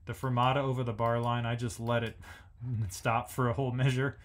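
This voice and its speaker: A man's voice: medium pitch, little pitch movement, moderate pace. A man hosting a music lesson, thinking aloud as he analyzes a symphony and sings the rhythms on nonsense syllables. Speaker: music educator host.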